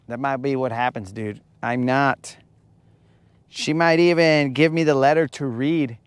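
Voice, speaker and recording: Slow-talking man hosting a night fishing stream. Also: medium pitch, clean tone, no room sound. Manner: joking, rambling, teasing viewers. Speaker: host of a live fishing stream. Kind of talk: casual live-stream chat to viewers.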